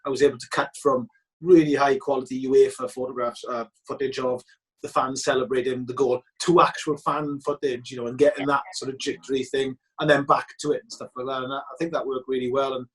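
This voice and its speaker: A man, a film director telling stories in a casual interview, animated and chatty, with frequent restarts. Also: mid-range voice, brisk. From Wales. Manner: animated, chatty, many restarts and re-enacted quotes.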